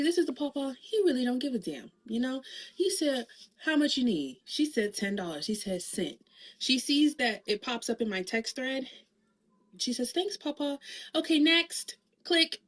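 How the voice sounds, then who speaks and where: A mother telling a comic story in a sassy, lively way, acting out the people in it. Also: a little high. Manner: sassy, lively, acts out voices in her story. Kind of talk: comedic storytelling monologue.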